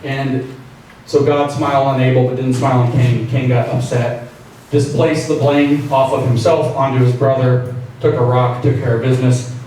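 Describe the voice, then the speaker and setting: A man's voice: mid-range voice, little pitch movement, normal speed, dark tone. A man giving a joking, conversational speech to an audience at a meeting, acting out quoted voices. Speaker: invited speaker. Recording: very echoey room, distant mic, faint noise.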